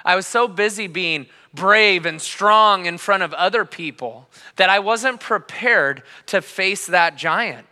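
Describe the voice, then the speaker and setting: A pastor in his thirties delivers a sermon, moving from hushed to fervent as he tells his story. His voice is bright, a little high and smooth. It rings out with a long reverb in a church hall. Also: slow pace, few pauses. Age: 30s. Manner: passionate storytelling, swings between quiet and loud.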